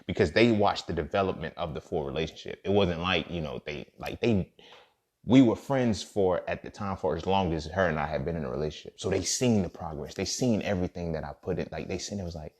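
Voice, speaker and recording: Deep-voiced man telling a loose, profane story. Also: brisk, darkish tone. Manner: loose, slangy and profane, with frequent "you feel me" check-ins. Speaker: podcast host. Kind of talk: casual storytelling monologue.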